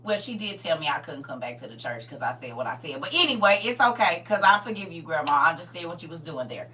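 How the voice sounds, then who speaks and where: A woman ministering on a livestream, emotional and close to tears, swinging from loud preaching to soft near-whispers and calling listeners honey and y'all. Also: low voice, sing-song, fast talker, far from the mic. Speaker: online minister and livestream host.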